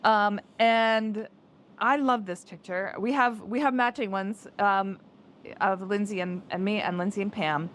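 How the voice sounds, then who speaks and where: A woman's voice: mid-range voice, a little slow, slight background noise. A woman co-hosting a podcast in a home basement, chatting casually, restarting sentences and laughing easily. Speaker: podcast co-host, life coach. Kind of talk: casual chat.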